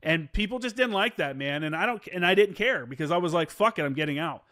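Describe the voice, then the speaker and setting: A man's voice: fairly high pitch, animated, fast, bright, forceful tone, dry recording, clean studio sound. A man in his thirties, a former Marine, telling war stories casually in an interview, swearing freely and acting out quoted dialogue. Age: 30s.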